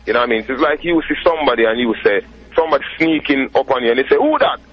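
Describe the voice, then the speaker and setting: A Jamaican dancehall artist talking casually as an interview guest, relaxed and often asking "you know what I mean". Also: male voice, medium pitch, racing, husky. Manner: laid-back, says "you know what I mean" a lot. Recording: dull lo-fi radio recording.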